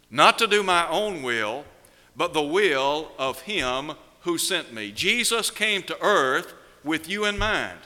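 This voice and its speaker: Man, preacher, sermon, very bright ringing voice, slightly high, long hall reverb. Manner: measured preaching, slows down for emphasis, rhetorical questions.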